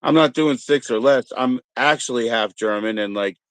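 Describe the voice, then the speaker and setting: A man's voice: mid-range voice, moderate pace, a bit bright, clean tone, no echo. A man in his thirties hosting a livestream, rambling and joking crudely in a casual chat. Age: 30s. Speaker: streamer host.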